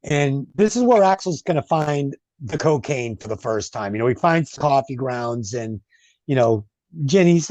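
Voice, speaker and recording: A man's voice: mid-range voice, expressive, normal speed, a little mellow, no echo, muffled recording. A man hosting a podcast, casually recapping a film with many fillers and asides. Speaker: podcast host. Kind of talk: casual movie review chat.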